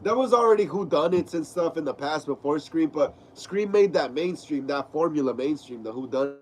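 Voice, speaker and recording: A man's voice: fairly high pitch, lively intonation, fairly quick, darkish tone, slight background noise. A young man with a stuffy nose from a cold, hosting a casual live stream from home, reading chat aloud and saying bro a lot. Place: home room.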